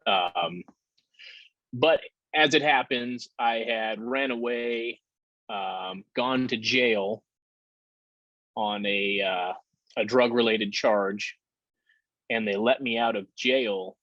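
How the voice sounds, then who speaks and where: A man telling his story candidly in a casual interview, with halting fillers and the odd curse. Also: mid-range voice, dry recording. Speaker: podcast guest. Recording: dull lo-fi sound.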